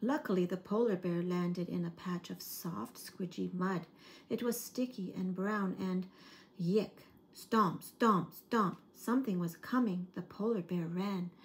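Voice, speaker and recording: A woman working as an early-years storyteller, reading a picture book aloud in a gentle, expressive way. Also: fairly low pitch, moderate pace, slight background noise.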